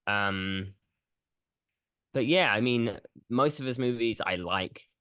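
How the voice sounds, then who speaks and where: A man co-hosting a casual film podcast, talking in a relaxed, rambling way with many fillers. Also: medium pitch, slow, smooth, dry recording, studio quality. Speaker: podcast co-host.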